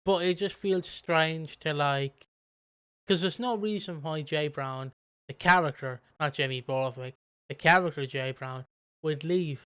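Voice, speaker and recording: A man co-hosting a podcast, talking in a rambling, animated way and swearing freely. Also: fairly high pitch, a little slow, smooth, dry recording. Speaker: podcast co-host. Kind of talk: casual podcast chat.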